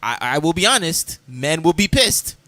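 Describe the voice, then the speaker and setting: A man talks in a casual podcast chat with a bright, forward tone. He is frank and teasing, and he laughs often. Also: fairly high pitch, big pitch swings, normal speed, dry recording. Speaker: podcast co-host.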